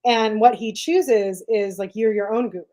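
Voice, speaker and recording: A woman's voice: medium pitch, moderate pace, warm tone. A woman co-hosting a conversational podcast, talking through ideas in a loose, chatty way. She leans on "like" and "right?" often and circles back as she thinks. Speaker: podcast co-host. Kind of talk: casual discussion.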